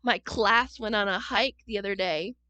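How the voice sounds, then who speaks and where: A woman reading a children's picture book aloud at church, gentle and expressive, pausing to ask the listening children questions. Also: medium pitch, no room sound. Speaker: church storyteller.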